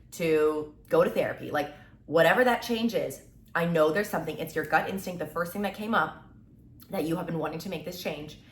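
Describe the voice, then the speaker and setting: A woman's voice: deep voice, echoey room. Fired-up young woman giving a pep talk. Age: 20s. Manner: energetic tough-love pep talk, repeats "be so for real". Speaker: motivational content creator. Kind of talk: motivational talk to camera.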